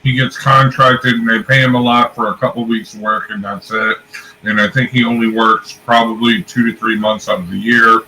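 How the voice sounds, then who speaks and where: A man on a discussion panel, rebutting in a flat, matter-of-fact way. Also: lowish voice, normal speed. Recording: distant mic with faint background noise.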